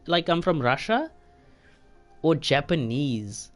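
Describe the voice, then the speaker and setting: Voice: mid-range voice, animated, a little slow, soft background music. A game streamer chatting casually, joking and stumbling while reading foreign words aloud. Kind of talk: casual live-stream commentary.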